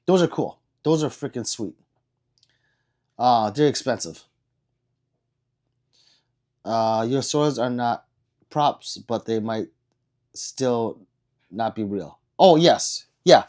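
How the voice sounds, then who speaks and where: A man hosts a casual livestream, reading out viewer comments and replying as he goes. He talks in a rambling, self-deprecating way, stumbling and restarting often, with a voice of ordinary middle pitch. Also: takes it slowly, pauses often, a little mellow. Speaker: livestream host.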